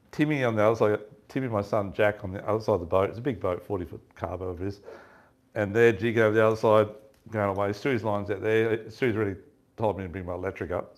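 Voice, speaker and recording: Chatty man telling fishing stories. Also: lowish voice. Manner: chatty, laughing, acts out quoted lines. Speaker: fishing shop presenter. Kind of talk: casual seminar storytelling.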